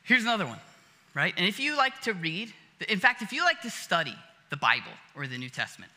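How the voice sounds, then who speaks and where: High, bright-voiced preacher in a reverberant hall. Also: male voice. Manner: conversational, many fillers, acts out little scenes. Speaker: pastor. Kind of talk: casual sermon. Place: church auditorium.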